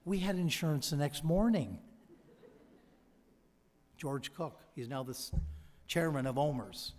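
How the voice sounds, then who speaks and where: A man's voice: medium pitch, lively intonation, unhurried, pauses often, a little mellow. A man giving a convocation speech from a podium, telling stories and quoting people he met. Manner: storytelling, quoting others. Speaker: convocation speaker. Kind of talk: ceremonial speech with anecdotes. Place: large hall. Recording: long hall reverb.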